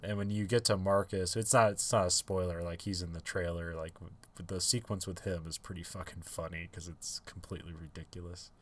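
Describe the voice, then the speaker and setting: A podcast co-host with a low, slightly bright voice talks fairly quickly with fairly even intonation, rambling casually with many fillers and restarts and laughing often.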